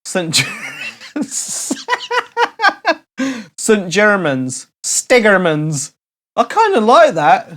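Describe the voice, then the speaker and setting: A man's voice: high voice, fairly bright tone. A middle-aged man from Cornwall, a DJ and vlogger chatting casually and jokingly to his followers, full of playful asides. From Cornwall, England. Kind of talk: casual comedic vlog chat.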